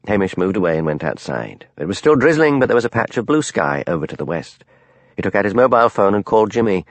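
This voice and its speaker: A man reads a cozy mystery audiobook in a low voice that rises and falls expressively. The sound is close and dry, with no room around it. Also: big pitch swings, fast, no echo. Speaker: audiobook narrator. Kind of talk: scripted audiobook narration.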